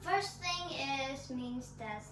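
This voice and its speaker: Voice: sits high, lively intonation, takes it slowly. A fiddle student giving short, playful answers to her teacher during a lesson. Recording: echoey room, mic at a distance, noisy.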